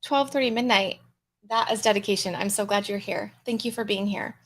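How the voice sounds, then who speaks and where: A woman hosting a live coaching challenge, greeting viewers by name in a relaxed, upbeat casual chat. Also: medium pitch, a little fast, a little hiss or hum. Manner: relaxed, chewing mints between words. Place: home room with a fan, livestream.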